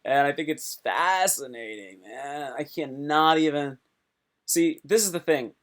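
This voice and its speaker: A man hosting a casual live stream, excitable and rambling, often breaking off mid-thought. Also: on the high side, a little slow.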